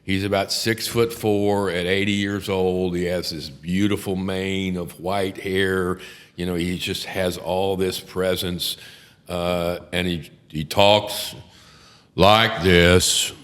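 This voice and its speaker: Older guy, lowish voice, cussing and laughing through trial stories, roomy reverb. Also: level tone, slow pace, clean tone. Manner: profane, laughing, acts out quotes. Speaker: podcast host, defense attorney. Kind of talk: casual storytelling chat.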